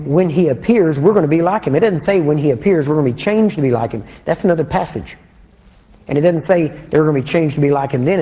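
A man preaching a sermon in a conversational way, often putting questions to his listeners and slowing down to read scripture aloud. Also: a little high, warm tone. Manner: conversational, asks the congregation questions. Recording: long hall reverb.

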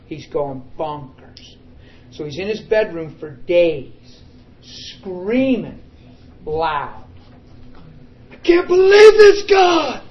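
A preacher tells his story from the pulpit with high drama, dropping to a hush and then pressing hard on a point. His voice sits a touch high for a man. The recording is a little dull, with a faint hum of ambience behind him. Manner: dramatic storytelling that swings from hushed to emphatic. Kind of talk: storytelling sermon.

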